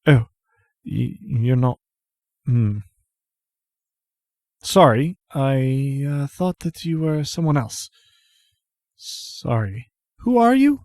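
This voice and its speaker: A man's voice: mid-range voice, fairly even intonation, warm tone, no echo, clean studio sound, natural voice. A man voicing a flustered, bitter woman mayor. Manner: halting, apologetic, full of hesitations.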